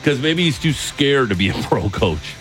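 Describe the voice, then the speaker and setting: A man's voice: mid-range voice, big pitch swings, moderate pace, fairly bright tone, soft background music. A man co-hosting a casual sports chat, blunt and skeptical in how he talks. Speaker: co-host.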